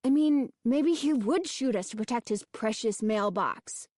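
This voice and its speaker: A woman's voice: a little high, lively intonation, a little slow, darkish tone, dry recording, studio quality. Danny, a woman playing an uneasy boy. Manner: uneasy, hesitant. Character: twelve-year-old boy, nervous and reluctant.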